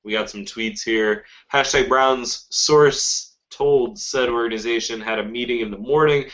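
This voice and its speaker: A male podcast host with a mid-pitched voice who jokes around in a mock-announcer tone. The recording is dull and lo-fi. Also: measured pace, fairly bright tone. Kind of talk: comedy podcast banter.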